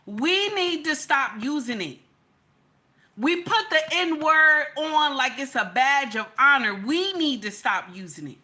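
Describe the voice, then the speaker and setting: A woman's voice: sits high, animated, unhurried, pushed and bright. A woman, hosting a livestream and lecturing her chat in an emphatic, repetitive way. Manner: preachy, repetitive, emphatic, says "okay?" often. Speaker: livestream host.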